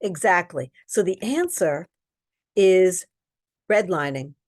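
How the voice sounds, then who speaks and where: Slow-talking woman teaching an exam webinar. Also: fairly low pitch, lively intonation. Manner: explains test questions slowly, with frequent ums. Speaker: real estate exam instructor. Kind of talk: online webinar lesson.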